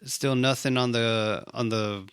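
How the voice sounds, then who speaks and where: A man's voice: medium pitch, steady tone, measured pace, fairly bright tone, smooth, no room sound, clean studio sound. A man co-hosting a casual movie recap chat, swearing freely and acting out the characters' lines. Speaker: podcast co-host.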